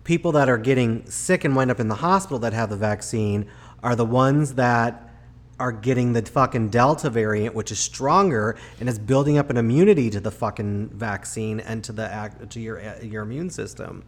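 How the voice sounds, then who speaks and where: A man's voice: mid-range voice, normal speed. A man co-hosting a casual podcast, ranting angrily and swearing often, recorded close on a home mic that runs hot. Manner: profane, ranting, loud. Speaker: podcast co-host. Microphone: close home podcast mic, hot levels.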